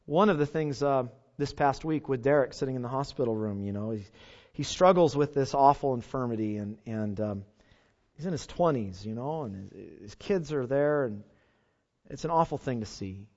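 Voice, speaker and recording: A man's voice: medium pitch, lively intonation, normal speed, a little mellow. A male pastor, preaching an earnest sermon and putting rhetorical questions to his congregation, on a dull lo-fi recording.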